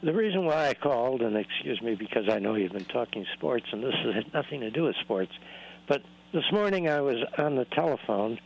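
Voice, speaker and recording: A man's voice: medium pitch, expressive, brisk, creaky, muffled recording. Polite older-style male regular caller. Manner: polite, courteous. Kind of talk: casual phone-in chat.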